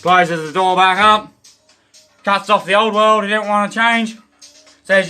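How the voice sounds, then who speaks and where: A man's voice: sits high, fairly even intonation, moderate pace, bright, forceful tone, smooth, soft background music. An Australian man livestreaming a rambling, profane, stream-of-consciousness monologue.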